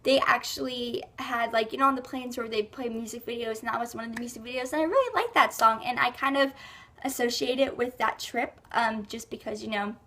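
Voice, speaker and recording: High bright chatty woman with a stuffy cold. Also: brisk. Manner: chatty and rambling, many fillers like "like" and "um". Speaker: beauty and lifestyle vlogger. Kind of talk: casual monthly favorites rambling.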